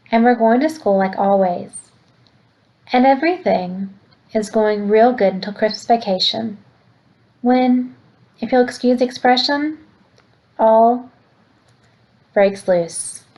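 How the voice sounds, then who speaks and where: A woman teacher reading a novel aloud to a class in a plain, steady storytelling way. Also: fairly high pitch, muffled recording.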